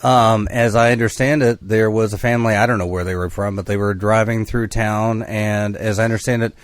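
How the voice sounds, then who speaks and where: A man co-hosting a casual podcast, talking in a measured, wry way with hedging asides. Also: fairly low pitch, fairly even intonation, no room sound. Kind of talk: casual conversation.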